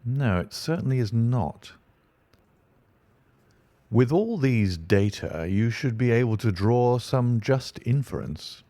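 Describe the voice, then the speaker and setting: A man voicing a cool, analytical detective in an audiobook, speaking in a measured, dry, lecturing way. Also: medium pitch, animated, mellow, no room sound. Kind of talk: audiobook reading.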